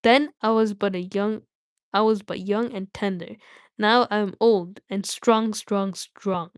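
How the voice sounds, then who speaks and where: Storybook dragon, old male, gloating and menacing, a woman reader doing the voice, mid pitch. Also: fairly even intonation, a little slow, clear, resonant tone, no room sound, natural voice. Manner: grand, boastful declaiming. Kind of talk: reading a novel aloud on a livestream.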